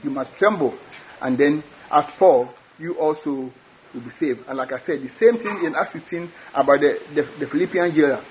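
Male preacher, husky and fairly high voice, emphatic sermon delivery, dull lo-fi recording. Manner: emphatic, repeats words, rising exclamations.

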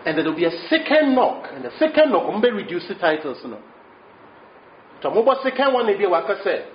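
A man preaching a sermon, mixing English and Twi, telling a story in an animated way. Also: high-pitched, a little fast, long pauses, a little hiss or hum. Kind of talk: sermon with interpretation. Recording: echoey room, dull lo-fi sound.

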